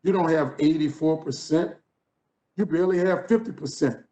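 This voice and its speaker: A man with a New Orleans accent voicing a stern woman schoolteacher in a lowered, lecturing tone. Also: normal speed, mellow, lightly acted.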